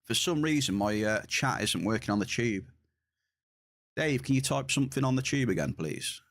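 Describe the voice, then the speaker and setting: A man's voice: medium pitch, expressive, normal speed. A man live-streaming a game, chatting casually and laughing at his own attempts to pronounce words. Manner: laid-back, chatty, laughs at own pronunciation.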